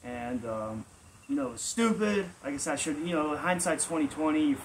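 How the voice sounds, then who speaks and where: A man's voice: a little high, expressive, moderate pace, slight background noise, poor audio. A man telling a personal story in a casual, rambling way full of filler words, as the host of his own channel. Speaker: vlog storyteller.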